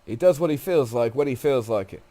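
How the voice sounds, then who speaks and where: A man's voice: medium pitch, expressive, a little fast, mellow, voice pushed up, close to an everyday voice. A man with a cold reading aloud the lines of a tough, restless woman guide, raising his voice for her, a little nasal. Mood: plain reading. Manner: reads game dialogue aloud in a raised voice.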